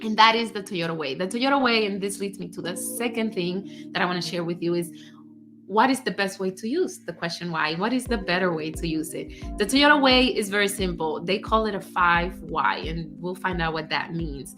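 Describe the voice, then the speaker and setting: A woman career coach giving casual advice, animated, acting out example phrases and laughing often. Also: on the low side, normal speed, faint music behind. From United States.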